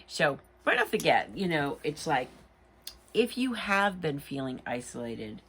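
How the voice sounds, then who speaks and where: A woman's voice: low voice, very animated, a little slow, a bit bright, slight background noise. A tired woman giving a casual, rambling tarot reading late at night, full of "you know" asides. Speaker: tarot reader.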